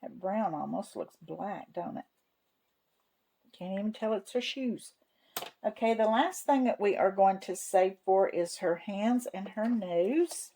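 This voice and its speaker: Slow-talking folksy woman counting cash. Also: mid-range voice, gravelly, dark tone, a little hiss or hum, low-quality recording. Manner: folksy, talks to herself while counting money aloud. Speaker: savings channel host. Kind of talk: casual cash-stuffing vlog narration.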